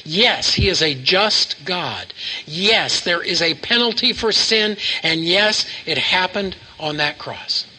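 A man's voice: sits high, animated, slow, sharp tone, slightly rough, poor audio. A man preaching a sermon to a live congregation, asking questions and having them repeat lines back to him.

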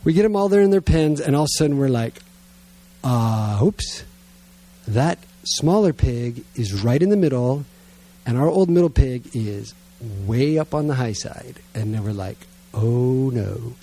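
A middle-aged man preaching to a gathered congregation, telling a self-mocking family story in a lively way and then praying quietly and earnestly. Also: mid-range voice, normal speed. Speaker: pastor. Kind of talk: sermon storytelling and prayer. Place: church gathering with listeners present.

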